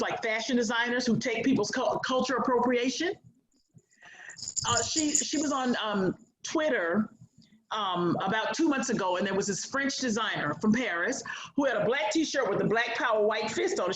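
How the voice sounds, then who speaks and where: Animated high-voiced woman in an echoey room. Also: normal speed, crowd noise. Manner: animated, emphatic, acts out quotes. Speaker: guest. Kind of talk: interview storytelling.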